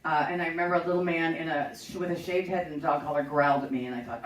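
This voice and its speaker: A woman's voice: sits low, rapid-fire, few pauses, reverberant, recorded from a distance, a crowd in the background, low-quality recording. A middle-aged woman hosting a show, telling a personal story in a chatty, profane, self-mocking way. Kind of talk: casual storytelling.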